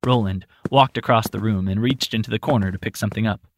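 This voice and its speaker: A man narrating a storybook in an expressive reading voice. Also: lowish voice, quick pace, no echo.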